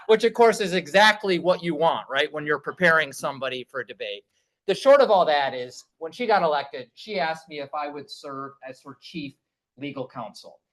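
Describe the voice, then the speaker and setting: A man's voice: a little high, fairly bright tone, rough recording. A middle-aged man from Michigan, a candidate giving a conversational campaign speech at a party meeting, often adding "right?" and restarting his phrases.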